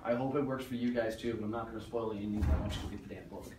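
A man's voice: lowish voice, steady tone, fast talker, a little mellow, slight background noise. A man giving a motivational talk to a business audience, blunt and joking, swearing casually. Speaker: motivational speaker. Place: meeting room. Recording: roomy echo from far off.

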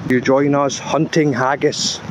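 A man, a tour guide giving deadpan mock-documentary narration in short clipped phrases, out in a woodland. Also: mid-range voice, a little slow. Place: woodland outdoors. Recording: outdoor noise behind the voice.

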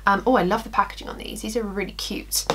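A woman's voice: medium pitch, quick pace, a little hiss or hum. A woman in her twenties, a beauty vlogger chatting through a story while doing her makeup. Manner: animated storytelling, acting out quotes, laughing.

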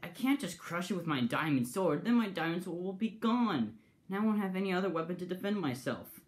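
A man's voice: high voice, lively intonation, a little fast, pitched above the performer's own voice. A man voicing an eager young male hero who shows off his sword. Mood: worried.

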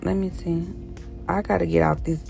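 A hoarse woman chatting casually with her followers on a phone live stream from inside a car, teasing and scolding them. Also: fairly low pitch, little pitch movement, normal speed, dark tone, soft background music. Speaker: social media personality on a live stream.

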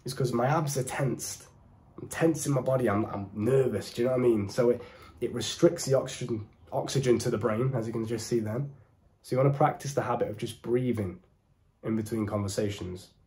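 A young man with a British accent giving direct-to-camera dating advice in an emphatic, deliberate, preachy way. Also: medium pitch, warm tone. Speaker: dating coach.

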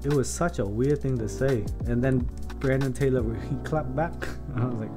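A man's voice: medium pitch, moderate pace. Casual male streamer, rambling and profane, laughing often, music playing underneath. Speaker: keyboard-building streamer. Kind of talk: casual stream chat while building.

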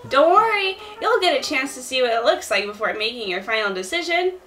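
A woman voicing a smooth-talking male raccoon businessman with a put-on Southern accent, drawling like a salesman. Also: sits high, animated, fairly bright tone, slight background noise. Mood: cheerful. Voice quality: slow, salesman-like drawl with "yes, yes".

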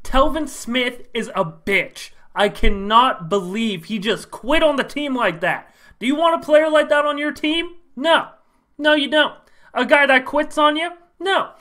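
Dude doing a shrill angry fan firing off questions, high and loud. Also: male voice, expressive, takes it slowly, few pauses, full character voice. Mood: outraged. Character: shrill outraged male fan ranting at a player.

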